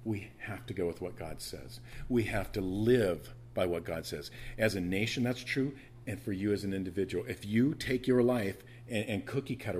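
A man preaching a sermon in a conversational teaching manner, with restarts and asides, who repeats phrases for emphasis and rises into loud, emphatic bursts. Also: low-pitched, moderate pace, slight background noise. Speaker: pastor.

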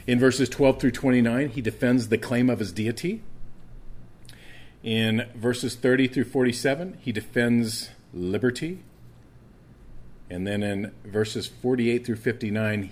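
A man preaching a sermon as pastor, earnest, restarting his sentences and slowing down for key words. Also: medium pitch. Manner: earnest, with frequent restarts and stammered repeats.

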